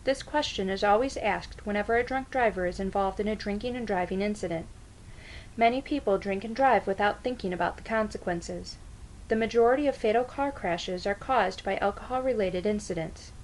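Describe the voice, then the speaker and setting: A woman gives a prepared persuasive speech in a mid-pitched voice. She reads out figures and claims in a measured, even way. A faint hiss sits under the recording. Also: low-quality recording. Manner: measured, reads out statistics evenly. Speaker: student speaker.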